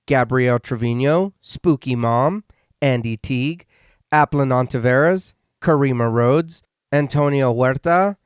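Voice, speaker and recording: A man's voice: mid-range voice, unhurried, clear, resonant tone, no echo, studio quality. A man co-hosting a horror podcast, steadily reading out a long list of supporters' names. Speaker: podcast co-host. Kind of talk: reading a patron thank-you list.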